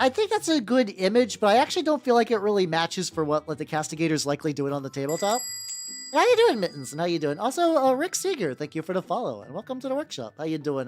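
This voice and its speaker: Man from the US, casual stream chat, animated rising and falling pitch, soft music in the background. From United States. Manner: rambling, lots of "like" and restarts; higher-register male voice. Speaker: miniature-painting streamer.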